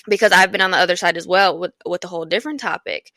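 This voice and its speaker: A woman's voice: fairly low pitch, very fast, no echo. Blunt, profane young woman podcaster. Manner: candid, profane, animated advice-giving. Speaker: podcast host. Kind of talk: casual solo podcast monologue.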